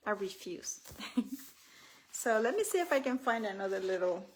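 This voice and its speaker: A woman leading a live spiritual healing reflection, speaking gently, repeating affirmations and reading aloud from her own book. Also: on the high side, very animated, moderate pace, a little hiss or hum. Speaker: author and healing coach.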